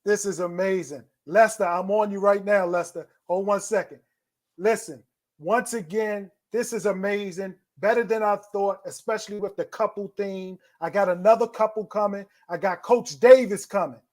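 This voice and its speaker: A man in his fifties hosts a virtual telethon with an upbeat, encouraging delivery. His voice sits fairly high for a man. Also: normal speed, a little mellow. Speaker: host.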